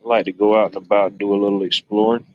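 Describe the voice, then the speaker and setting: A man's voice: fairly low pitch, flat delivery, rapid-fire, dull audio. A man hosting a livestream in casual chat, rambling and joking, with "you know" sprinkled throughout. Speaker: livestream host.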